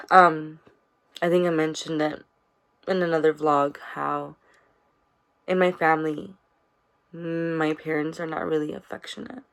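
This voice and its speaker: A woman's voice: low voice, creaky. A young woman vlogging about her day and her feelings, rambling with many fillers, her nose stuffy from crying. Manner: tearful, subdued and soft. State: stuffy-nosed after crying. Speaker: daily vlogger. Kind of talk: personal confessional vlog.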